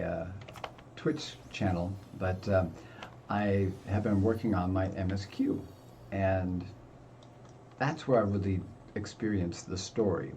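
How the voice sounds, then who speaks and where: An older man talks casually over his gameplay, chatty and quick to poke fun at himself. His voice is low, gravelly and mellow. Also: a little hiss or hum. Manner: chatty and self-deprecating. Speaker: gaming video host.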